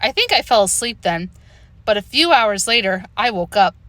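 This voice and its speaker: A woman narrating a children's book with an expressive storytelling delivery, close to the mic. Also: medium pitch, normal speed, dry recording. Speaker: audiobook narrator.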